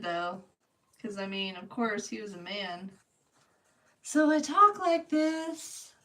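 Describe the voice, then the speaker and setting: A woman paints on a livestream while chatting casually with her viewers, answering them by name and laughing often. Her fairly high voice sounds pushed and bright, and she's a bit distant from the mic.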